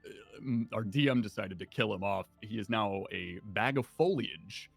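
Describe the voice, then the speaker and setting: A man's voice: on the low side, normal speed, gravelly, soft background music. A young man on a stream, chatting with friends about their tabletop game and telling a story with lots of laughs and swearing. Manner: laughs often, swears casually, tells anecdotes. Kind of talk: casual group chat.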